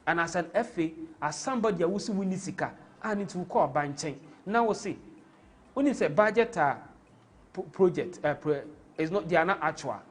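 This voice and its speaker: Ghanaian guy hosting a football livestream, kinda high voice, fired up and rambling, mixes in twi. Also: lively intonation, a little fast. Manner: impassioned, rambling, switches into Twi. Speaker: host. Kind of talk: live stream football commentary and chat.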